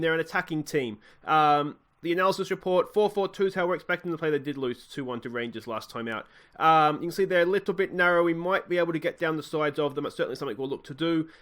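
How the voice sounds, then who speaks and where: Aussie guy narrating his footy manager save, kinda high voice, mutters then gets hyped. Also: fast talker. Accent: Australian. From Australia. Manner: chatty, muttering asides, bursts of excitement at goals. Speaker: gaming YouTuber. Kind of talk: let's play commentary.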